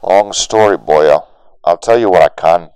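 A man voicing a scheming man talking over a radio, urgent and pleading, in a loud, forceful voice. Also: sits low, measured pace, smooth, no echo, low-quality recording. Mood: coaxing.

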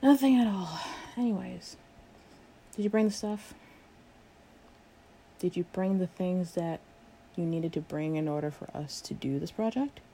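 A woman's voice: on the low side, unhurried, long pauses, mellow. A young woman in a one-sided role-play, playing a sarcastic, exasperated coworker who swears a lot. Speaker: coworker doing a project with the listener.

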